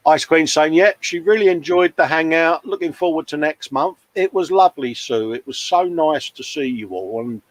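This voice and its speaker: A man with a fairly high voice speaks a little slowly, leaving long pauses, on a low-quality recording without echo. He's hosting a live model-painting stream from his hobby bench at home, chatting casually, reading out viewer comments, laughing at himself often, and calling people mate.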